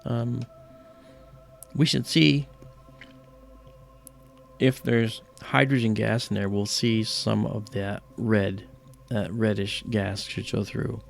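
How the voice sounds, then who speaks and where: A man's voice: fairly low pitch, fairly even intonation, slow pace, creaky, pauses often, faint music behind. A middle-aged man hosting an astronomy livestream, chatting casually and rambling with lots of "you know".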